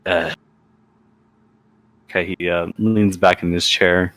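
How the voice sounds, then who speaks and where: Player, man, low voice, blunt, dry close sound. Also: flat delivery, slow, fairly bright tone, dry recording. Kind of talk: playing a tabletop game.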